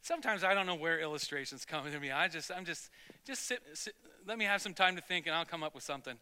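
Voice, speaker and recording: A man as pastor, delivering a sermon as an animated story with many restarts. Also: on the high side, fast talker, clear, resonant tone. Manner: storytelling, animated, self-interrupting.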